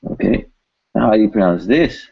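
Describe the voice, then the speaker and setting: A man's voice: lowish voice, animated, brisk, vocal fry, slightly rough, highs cut off. A man teaching pronunciation, patiently repeating each word several times. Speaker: language teacher. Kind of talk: pronunciation lesson.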